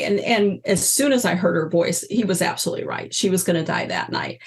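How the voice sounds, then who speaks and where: Woman, 60s, gravelly, lively storyteller, interview guest. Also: lowish voice, fairly quick, hardly any pauses. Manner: animated storyteller, acts out quoted voices. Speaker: guest, energy healer and teacher.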